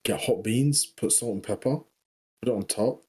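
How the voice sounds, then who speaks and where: British male guest, deep and a bit husky, relaxed casual chat. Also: moderate pace. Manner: laid-back, rambling, with many fillers. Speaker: podcast guest.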